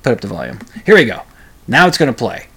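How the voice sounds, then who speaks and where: A man's voice: medium pitch, wildly swooping pitch, fast talker, a bit bright. A man hosting his own show, chatting casually and rambling about music with fumbling restarts and self-mocking asides. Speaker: show host.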